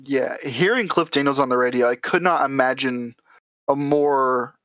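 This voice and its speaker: A young man co-hosting a racing podcast in casual chat, excitable and playful. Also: mid-range voice, moderate pace, clear, resonant tone. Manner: excitable, goofs around with loud cheering bits. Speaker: podcast co-host. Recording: dull lo-fi mic sound.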